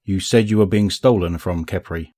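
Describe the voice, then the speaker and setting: A gruff, weary warrior gives short, blunt replies in a low voice as a man reads him. He sounds steady and terse, close to the reader's own tone. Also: moderate pace.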